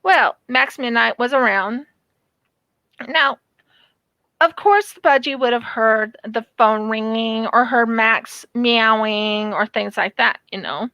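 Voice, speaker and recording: A woman's voice: fairly high pitch, takes it slowly, no echo, dull audio. A woman vlogger chatting casually about childhood memories while she crafts, acting out quotes as she goes. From United States. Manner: animated, acts out quotes in her storytelling.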